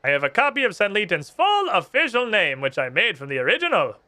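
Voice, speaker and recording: A man's voice: high voice, wildly swooping pitch, quick pace, pushed and bright, no echo, voice pushed up, full character voice. A man voicing a smug, scheming male salesman in a game, speaking in a haughty, self-important way.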